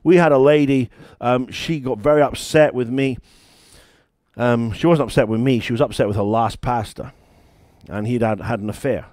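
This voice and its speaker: A man's voice: medium pitch, normal speed, darkish tone, dry recording, studio quality. A British man, a church founder and pastor, preaching a sermon in a conversational, emphatic way with stories.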